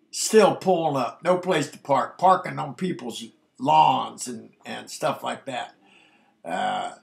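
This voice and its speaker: A man's voice: fairly high pitch, gravelly, fairly bright tone. A man in his sixties recounting a youthful memory in a laid-back, casual way, often saying "man". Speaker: storyteller recalling his youth. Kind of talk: casual spoken memoir.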